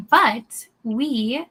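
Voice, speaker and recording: A woman hosting a casual livestream, chatty and upbeat, reading out comments, a little hoarse from losing her voice. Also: high voice, animated, drawn-out words, sharp tone. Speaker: livestream host.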